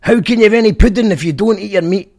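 A man voicing a stern, shouting male schoolmaster in an exaggerated put-on accent. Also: sits high, quick pace, gravelly, voice pushed up. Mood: bellowing.

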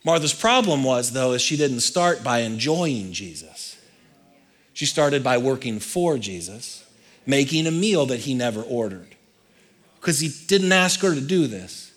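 A male pastor preaching a sermon in an animated, conversational way, swinging from loud to quiet. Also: mid-range voice, a little slow.

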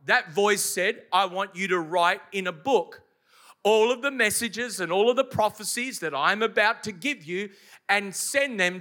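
A man's voice: sits high, sharp tone. A man preaching a sermon to a congregation, emphatic and often putting questions to the listeners. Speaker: pastor. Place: church service before a congregation.

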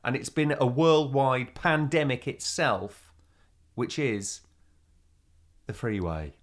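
A woman co-hosting a podcast in casual chat, telling stories in an animated way and acting out voices. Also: extremely low pitch, slow pace. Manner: animated storyteller, acts out voices. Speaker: podcast co-host.

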